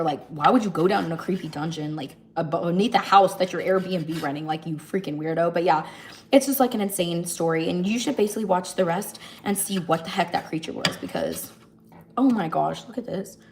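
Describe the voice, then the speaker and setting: A woman talks casually on a livestream as she cooks, running through the plot of a movie. She narrates with animated energy and slips in and out of the characters' voices as she goes. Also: fairly low pitch, a little fast. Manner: animated storytelling, jumps between narrating and acting out lines. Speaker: livestream host. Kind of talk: casual chat retelling a movie while cooking.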